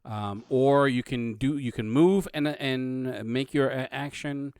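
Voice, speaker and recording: Brief: casual DM, mid-pitched man, restarts a lot, dry close mic. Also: steady tone, darkish tone, clean tone, dry recording. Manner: halting, full of restarts and laughs. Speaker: dungeon master. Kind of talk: narrating a tabletop game.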